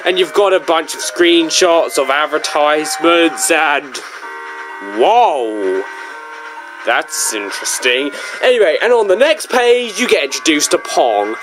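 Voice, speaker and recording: A video reviewer talking casually through a book, in a rambling, joking manner with big swings in pitch. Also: expressive, normal speed, hardly any pauses, music in the background.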